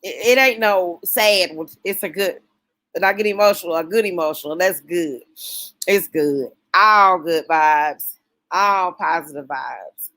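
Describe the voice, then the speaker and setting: A woman hosting a casual late-night livestream, talking warmly and emotionally with her viewers. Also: on the low side, a little slow, no room sound. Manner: emotional, folksy, talks straight to chat.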